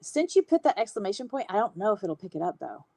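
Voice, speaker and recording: A woman's voice: mid-range voice, sing-song, quick pace, vocal fry, no echo. A woman, hosting a casual livestream on hand lettering and chatting with viewers. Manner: chatty, warm-hearted, laughs often.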